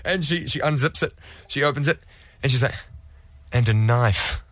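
A man's voice: medium pitch, moderate pace, fairly bright tone, dry recording. A young man, co-hosting a radio show and telling a story sheepishly, laughing a lot and restarting sentences. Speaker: radio co-host. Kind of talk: casual radio banter.

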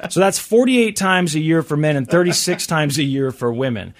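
A man's voice: fairly high pitch, animated, normal speed. A man hosting a talk show, reading survey numbers and riffing on them in a chatty, wry way. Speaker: radio show host. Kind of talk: casual talk show banter.

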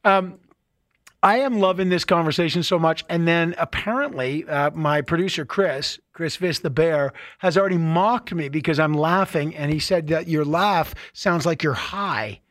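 A man's voice: fairly high pitch, moderate pace, fairly bright tone, no room sound, clean studio sound. A man hosting a call-in talk radio show, bantering playfully with callers and laughing often.

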